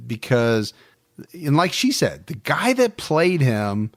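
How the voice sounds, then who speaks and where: A man hosting a true-crime podcast in casual chat, relaxed and talkative. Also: medium pitch, takes it slowly, no echo, clean studio sound. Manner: relaxed, chatty, fond of the listeners. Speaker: podcast host.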